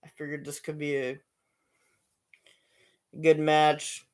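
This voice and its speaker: A man's voice: a little high, completely flat delivery, slow. A man hosting his own show, telling a long story in a rambling way with many fillers and restarts. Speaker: show host. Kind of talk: casual storytelling.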